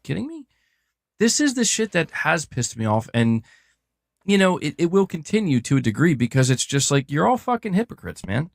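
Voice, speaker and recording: A man's voice: on the high side, very animated, normal speed, gravelly, no echo, clean studio sound. A young man co-hosting a livestream, complaining in exasperated, profane casual chat. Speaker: livestream co-host.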